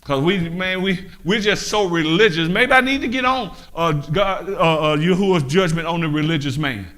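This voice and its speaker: A man preaching a sermon, fiery and full of rhetorical questions, climbing to shouts. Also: a little high, normal speed. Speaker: pastor.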